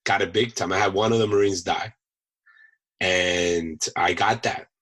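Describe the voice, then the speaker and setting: Husky, forceful male storyteller. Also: sits low, unhurried, rough recording. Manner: animated storyteller, peppers talk with "man" and "you know". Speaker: podcast guest, chef and Marine veteran. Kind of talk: casual anecdote-telling in an interview.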